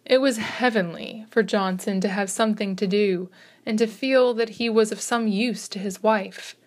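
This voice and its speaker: A woman narrating a classic short story as an audiobook reader, in a measured, expressive reading. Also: medium pitch.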